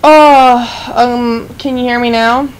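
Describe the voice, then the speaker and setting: A woman's voice: fairly high pitch, fairly even intonation, slow, slight background noise, poor audio. A woman gossiping on a casual voice call, chatty and full of fillers. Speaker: voice chat participant.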